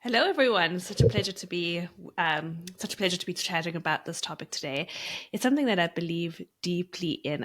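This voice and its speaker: A woman co-host in a relaxed podcast chat, her voice sitting low for a woman. She speaks earnestly, leaning hard on the words she cares about. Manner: earnest, emphatic.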